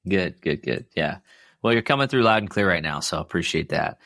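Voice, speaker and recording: A man's voice: sits low, expressive, a little fast, fairly bright tone, dry recording, studio quality. A man with a Midwestern American accent hosting a podcast interview, chatty and full of fillers and restarts. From Midwest US, Iowa. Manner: chatty, many fillers and restarts, laughs easily. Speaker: podcast host. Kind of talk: casual interview chat.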